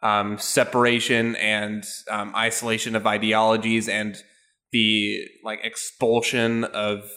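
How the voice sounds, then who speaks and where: A man's voice: lowish voice, monotone, a little slow, pushed and bright. Laughing, hesitant male podcast host. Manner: laughs often, hesitant with ums. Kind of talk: casual chat.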